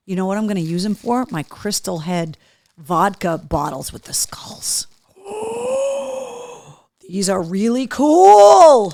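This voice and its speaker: A woman hosting a live talk show, chatting casually while opening gifts and cooing at a dog. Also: medium pitch. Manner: animated, coos and baby-talks to a dog.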